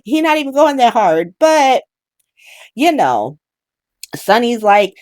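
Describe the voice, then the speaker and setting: A woman hosting a casual soap opera recap, talking in an animated, profane way with laughing asides. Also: lowish voice, measured pace, dry recording, studio quality.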